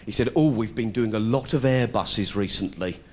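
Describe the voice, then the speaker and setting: A man's voice: fairly low pitch, normal speed, a little mellow, a little hiss or hum. A middle-aged British man telling a sarcastic stand-up story, putting on voices as he goes. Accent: British English. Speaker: comedian. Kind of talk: stand-up comedy routine. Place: stage before a live audience.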